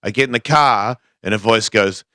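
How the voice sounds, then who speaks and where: A man's voice: on the low side, normal speed, bright, forceful tone, clear, resonant tone, no echo, studio quality. A man telling a personal story on a talk show, acting out the voices he quotes. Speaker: guest skateboarder. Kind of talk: casual storytelling.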